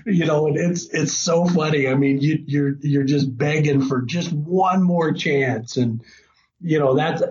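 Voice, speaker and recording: Excited middle-aged man telling a hunting story. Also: on the high side, a little slow, highs cut off, a little hiss or hum. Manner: animated, breaks into excited quoting. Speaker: hunting guest. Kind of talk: casual storytelling.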